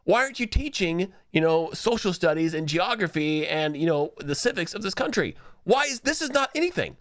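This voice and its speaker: A furious mother who fires off one angry question after another, as a man puts her on. The voice jumps far above his usual pitch. It swings wildly in a shrill, scolding rant over a dry, close sound. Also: very animated, fairly quick, dry recording. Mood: indignant. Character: outraged mother confronting a teacher.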